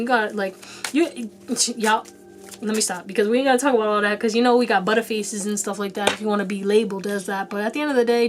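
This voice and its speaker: Chatty, laughing young woman tarot reader. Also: fairly high pitch. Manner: chatty, slangy, laughs often. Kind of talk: casual tarot reading to camera.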